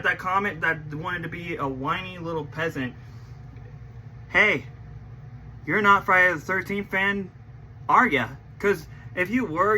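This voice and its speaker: A man's voice: sits high, pushed and bright, distant mic, a little hiss or hum, rough recording. A man giving casual reaction commentary as a trailer reactor, rambling and emotional, stammering and repeating himself, with casual swearing.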